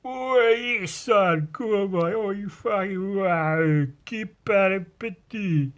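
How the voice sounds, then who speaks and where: A rowdy young lad, drunk and spoiling for a fight, as a man puts him on. He shouts in a jeering, sweary bark pitched well above a normal speaking voice. Every line comes out as a swaggering taunt. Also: slow pace. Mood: mocking. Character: loud drunk aggressive young male lad.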